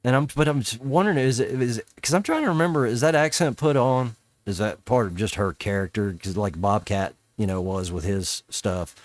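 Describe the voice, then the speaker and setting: A man's voice: on the low side, fairly quick, few pauses, no room sound. A middle-aged man hosting a podcast in casual chat, rambling loosely and swearing freely. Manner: rambling, swears casually, quotes scenes in voices. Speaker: podcast host.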